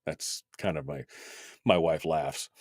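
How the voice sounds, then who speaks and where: A man's voice: rumbling low, slow, vocal fry, no room sound, studio quality. Wry, exasperated talk radio man in his fifties. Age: 50s. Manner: wry, exasperated, rambling with asides. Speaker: radio talk show host. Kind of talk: opinionated talk radio monologue.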